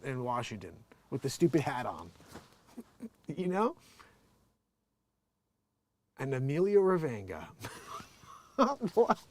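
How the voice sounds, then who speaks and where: A man hosting his own video show, talking in a rambling, animated way, laughing often and acting out what other people say. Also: on the high side. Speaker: video host. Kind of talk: casual political commentary.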